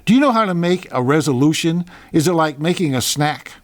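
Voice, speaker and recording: A man voicing a curious small female squirrel in a children's story, asking bright, wondering questions. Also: on the high side, animated, brisk, lightly acted.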